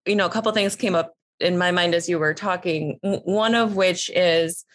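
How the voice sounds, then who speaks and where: A woman's voice: on the low side, moderate pace. A woman hosting a panel discussion, speaking earnestly and building her points in long sentences.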